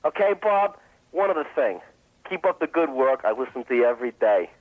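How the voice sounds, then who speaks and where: A man's voice: medium pitch, very animated, fairly quick. A man calling a radio show and delivering a sarcastic, scornful rant. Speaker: caller. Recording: tinny phone line.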